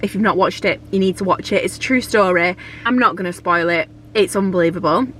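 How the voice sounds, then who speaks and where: Chatty bright-voiced woman vlogger. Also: on the low side, fairly quick, slight background noise. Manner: gushing, chatty, swears casually. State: heavily pregnant. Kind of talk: chatty casual vlog.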